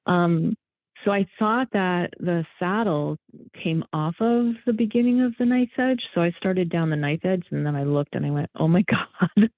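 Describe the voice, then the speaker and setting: A woman guest in a casual interview, telling her story in an animated, emotional way. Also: lowish voice, moderate pace, no echo. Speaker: guest, thru-hiker. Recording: tinny phone-like line.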